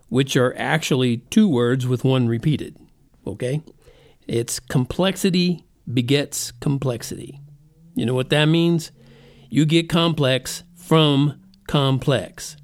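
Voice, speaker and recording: A man's voice: mid-range voice, a little slow. A middle-aged man hosting his own podcast, rambling conversationally and poking fun at himself. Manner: rambling, self-mocking, conversational. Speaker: podcast host. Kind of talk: casual monologue.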